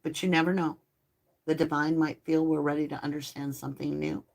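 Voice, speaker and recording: A woman's voice: sits low, level tone, fairly quick, vocal fry, darkish tone. A middle-aged woman hosting a live tarot stream, chatting casually with viewers and cooing baby talk at her dogs.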